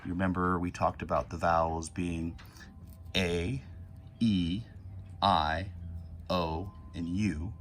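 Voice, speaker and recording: A low-voiced male teacher leads a phonics lesson for young children, patiently stretching words out to sound out each letter. His tone is steady and a bit bright, with faint background noise.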